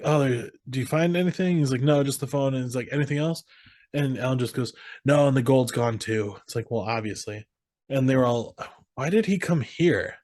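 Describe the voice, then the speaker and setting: A man's voice: medium pitch, darkish tone, no room sound, studio quality. A man co-hosting a podcast, casually retelling movie scenes and quoting the characters' lines. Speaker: podcast co-host. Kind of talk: casual movie recap chat.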